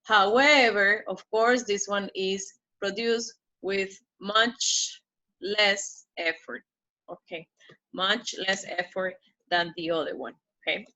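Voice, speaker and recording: Slow, bright-voiced woman teaching pronunciation. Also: medium pitch, steady tone, low-quality recording. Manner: drawn-out model words, checks in with "okay?". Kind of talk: slow, careful pronunciation lesson.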